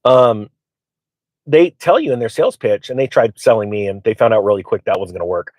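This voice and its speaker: A man's voice: fairly low pitch, lively intonation, a little fast, a little mellow, no room sound. A middle-aged man hosting his channel, casually telling rambling stories and acting out quoted voices, with plenty of fillers. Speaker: channel host. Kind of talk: casual storytelling to viewers.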